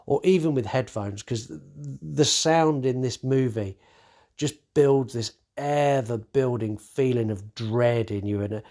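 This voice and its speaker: A man's voice: medium pitch, slow pace, darkish tone. Man, podcast host, casual movie recap, swears a lot, lots of fillers and restarts. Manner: swears freely, acts out characters' lines.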